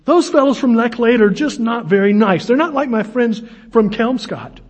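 Man putting on a loud gossipy english lady, high and breathy, gushing. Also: lively intonation, normal speed, long reverb tail. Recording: dull lo-fi recording.

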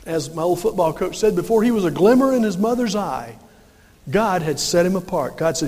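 A man's voice: high voice, expressive, moderate pace, a little mellow, long reverb tail. A male pastor preaching a sermon in a folksy way, firing rhetorical questions and answering them himself.

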